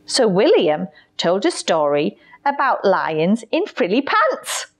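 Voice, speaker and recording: A librarian reading a storybook aloud to children, expressive and clear. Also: female voice, mid-range voice, takes it slowly.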